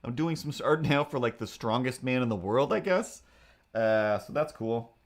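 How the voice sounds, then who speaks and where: A man's voice: mid-range voice, expressive, normal speed. A man hosting a live drawing stream, rambling casually with restarts and asides. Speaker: streamer and artist.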